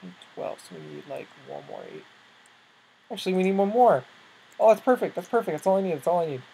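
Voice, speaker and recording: A let's-play host chatting through a building session in an easygoing, excitable way. They talk to themselves as they play, count things out loud, and jump with nervous alarm when monsters appear. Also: medium pitch, fast, vocal fry, breathy edge, rough recording. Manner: excitable, thinks aloud, startles easily. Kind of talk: casual gameplay commentary.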